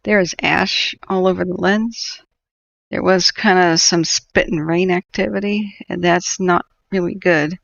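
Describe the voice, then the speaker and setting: A sardonic woman hosts a live wildfire-tracking stream, rambling through her commentary and laughing often. Her voice has a gravelly fry. The sound is dry and close, with dull, lo-fi audio. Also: on the low side, fairly even intonation, a little slow, a bit bright, no room sound. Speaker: wildfire-tracking livestream host.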